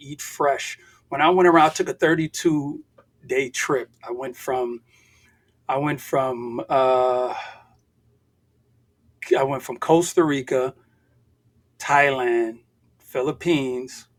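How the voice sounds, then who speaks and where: Husky, emphatic older man. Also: medium pitch. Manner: emphatic, preachy, fires rhetorical questions. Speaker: guest, real estate investor. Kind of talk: casual interview talk.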